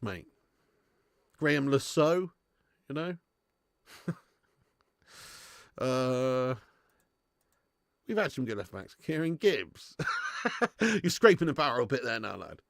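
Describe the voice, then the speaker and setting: Lively man hosting a watch-along. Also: on the high side, slow pace, vocal fry, long pauses, no room sound, studio quality. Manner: animated banter with swearing, reads and answers chat. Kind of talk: live watch-along chat with viewers.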